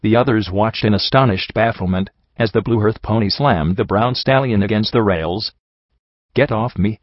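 A man reading a first-person fan fiction story aloud with a steady, even delivery. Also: fairly low pitch, moderate pace, dry recording, highs cut off. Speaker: audiobook reader.

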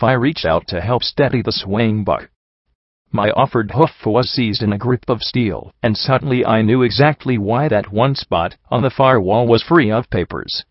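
Low-voiced man narrating a story. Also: no room sound, highs cut off. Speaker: audiobook narrator. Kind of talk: first-person story narration.

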